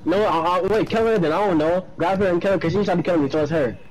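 A man in game voice chat who keeps protesting his innocence, pleading and defensive. His voice sits a little high and comes through distant over the chat. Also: fast talker. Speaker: player in voice chat.

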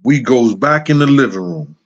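A man's voice: medium pitch, expressive, moderate pace. Middle-aged male host spinning loose anecdotes off the cuff, chuckling, mid-range voice, slightly dull line. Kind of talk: casual storytelling.

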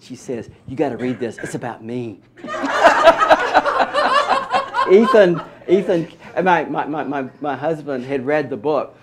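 A middle-aged man from Mississippi, an author being interviewed, telling stories in an animated, wry way and acting out what others said. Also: medium pitch, measured pace, pauses often, heavy background noise. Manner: animated, wry storyteller who acts out quotes. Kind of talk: storytelling in an interview.

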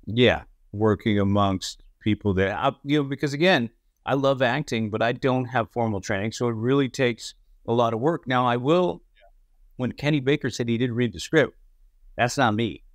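A man co-hosting a podcast, telling his acting-set stories in an animated way and swearing casually. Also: medium pitch, moderate pace, dry recording, clean studio sound. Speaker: podcast co-host and actor. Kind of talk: casual storytelling chat.

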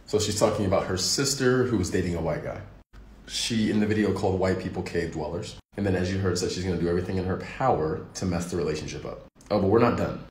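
Low male voice, lecturing commentary, roomy echo, light noise. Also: fast, darkish tone. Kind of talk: reaction commentary.

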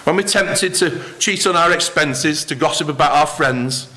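A man preaching a sermon in church, acting out the quoted lines with lively emphasis. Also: fairly high pitch, normal speed. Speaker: pastor.

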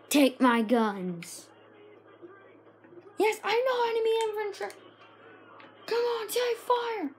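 A woman giving frantic, excited commentary while playing a shooter game, often shouting and yelping. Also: extremely high pitch, a little hiss or hum. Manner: frantic, shouts and yelps at the action. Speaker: gaming video creator.

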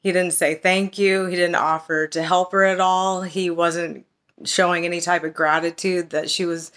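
A woman's voice: on the low side, level tone, moderate pace, fairly bright tone. A woman coaching on relationships and self-love, telling a story in a casual chatty way and lifting her voice to act out quoted messages. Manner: chatty, storytelling, acts out quoted texts with lifted voice. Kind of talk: casual talk to camera.

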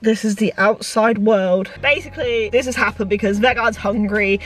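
A woman's voice: medium pitch, normal speed. A young woman vlogging in a casual, chatty way, poking fun at herself and laughing often. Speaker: vlogger and Twitch streamer. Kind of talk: casual vlog chat. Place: home room, later inside a car.

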